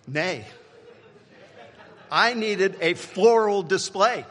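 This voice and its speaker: A man in his fifties, a pastor preaching a sermon with humorous stories, swinging between loud punchlines and hushed reflection. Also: high-pitched, expressive, very slow.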